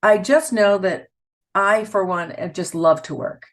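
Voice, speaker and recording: A woman's voice: mid-range voice, measured pace. A woman, a voice actor telling stories in a casual interview and laughing often. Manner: chatty, laughs often, storytelling. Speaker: voice actor guest.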